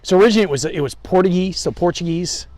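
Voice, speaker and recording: A man's voice: sits high, rapid-fire, darkish tone. A man as an interview guest, telling travel stories loosely with hedges and restarts. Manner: loose storytelling, hedging, many restarts. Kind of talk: casual chat.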